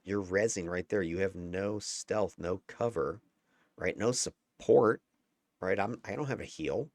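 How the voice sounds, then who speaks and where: A man with a very low, deep voice talks through recorded gameplay in a casual, candid way. He chuckles now and then and swears lightly, and the sound is dry and close, with no room echo. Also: unhurried, a little mellow. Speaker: gameplay commentator. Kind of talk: casual gameplay breakdown commentary.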